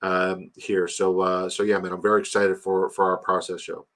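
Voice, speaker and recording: A man's voice: deep voice, flat delivery, normal speed, a bit bright. A man hosting a livestream, chatting loosely, swearing and talking straight to his chat. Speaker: livestream host. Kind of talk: casual chat.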